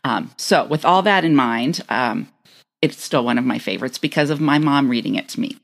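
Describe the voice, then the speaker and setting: A woman with a low voice and a gravelly edge, co-hosting a casual podcast chat. She talks in a reflective, storytelling way about memories. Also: animated, normal speed. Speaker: podcast co-host.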